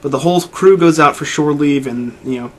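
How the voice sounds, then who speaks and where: Talking briskly in a voice on the high side, this man co-hosts a podcast and gives a long, excited, meandering recap of a video game, restarting himself often in the casual chat.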